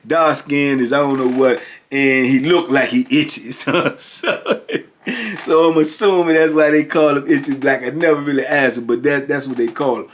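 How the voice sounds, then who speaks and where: A man's voice: mid-range voice, steady tone, normal speed. A man in his fifties, a former prisoner, telling stories in a casual, rambling way full of "you know". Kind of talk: casual storytelling.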